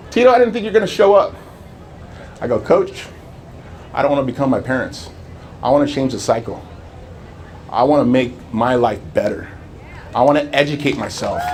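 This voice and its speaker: A man's voice: mid-range voice, a little hiss or hum. A man in his forties from Southern California, telling his life story to a live audience with earnest storytelling and acting out remembered dialogue. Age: 40s. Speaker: public speaker.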